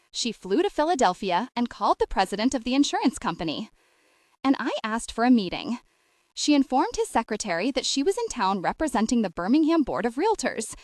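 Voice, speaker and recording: A woman narrating an audiobook novel with expressive, lively storytelling. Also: on the high side, no room sound, studio quality. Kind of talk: scripted narration.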